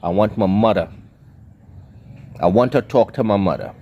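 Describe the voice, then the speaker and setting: A man voicing a condemned young prisoner in a told story, speaking low and cold. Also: moderate pace, highs cut off.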